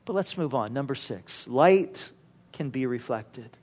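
A man's voice: medium pitch, animated, measured pace, darkish tone. A man preaching a sermon, telling stories in a conversational way with frequent asides to the congregation. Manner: conversational storytelling with frequent "you know" asides.

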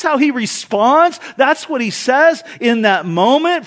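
A man with a high voice preaches a sermon, talking to his congregation like a friend. He moves from loud, emphatic lines down to quiet, low asides, and throws in rhetorical questions and a bit of humor. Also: slow, few pauses. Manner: animated, swings between loud emphasis and soft low asides. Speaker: pastor.

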